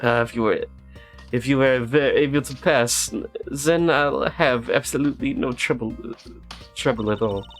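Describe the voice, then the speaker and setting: A man reading a haughty, competitive young woman prosecutor in a put-on German accent, slow and clipped. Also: medium pitch, faint music behind, lightly acted.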